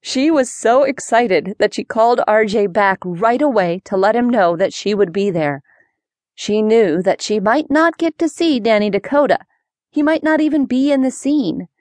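A woman narrating a children's mystery audiobook in clear, even storytelling. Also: on the high side, normal speed, no echo.

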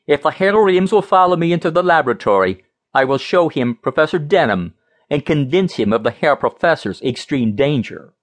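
A man's voice: a little high, very animated, normal speed, husky, full character voice. A man voicing a lean, nervous young assistant who speaks with stiff formality.

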